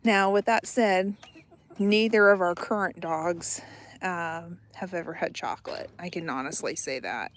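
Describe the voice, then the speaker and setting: A woman's voice: lowish voice, measured pace. A middle-aged woman talks casually to her camera while outdoors with her backyard chickens. She is chatty and laughs often. She trails off and repeats her words as she tells stories. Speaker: homesteading vlogger.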